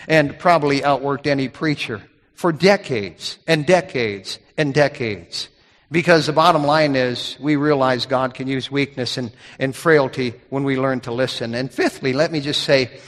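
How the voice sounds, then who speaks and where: A middle-aged man preaching a sermon as a pastor, telling stories in a folksy way with frequent restarts. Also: on the high side. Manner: folksy storytelling with repeated restarts. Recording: long hall reverb.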